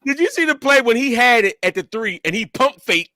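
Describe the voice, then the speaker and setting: A man's voice: very high-pitched, lively intonation, pushed and bright. A man co-hosting a podcast, blunt and insistent, cutting in to push his point. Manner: blunt, insistent, quick to cut in. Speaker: podcast co-host. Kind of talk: heated sports debate.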